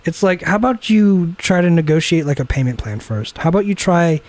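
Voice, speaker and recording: A man's voice: on the high side, animated, fairly quick, a little mellow, no echo. A young man co-hosting a casual podcast chat over beers, ranting and swearing, often acting out what other people would say. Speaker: podcast co-host.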